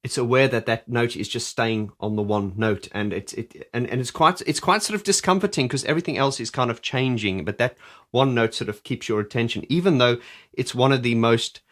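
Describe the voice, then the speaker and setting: A man's voice: mid-range voice, a little fast, fairly bright tone. A man reviewing and explaining an album's keyboard parts, talking casually and enthusiastically with many restarts. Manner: enthusiastic, rambling with restarts, sings along. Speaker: music reviewer.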